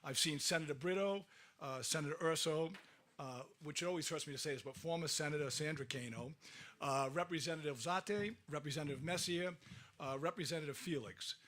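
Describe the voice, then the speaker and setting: A man's voice: on the high side, a little fast. A man, the mayor, giving a ceremony speech and thanking officials one by one. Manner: loud, thankful, listing names.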